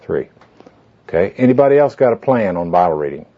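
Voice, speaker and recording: Brisk and very animated, a low-voiced man leads a small group through a goal-setting handout. His folksy, rambling classroom talk is full of fillers, asides and anecdotes, and it's captured on a dull lo-fi tape.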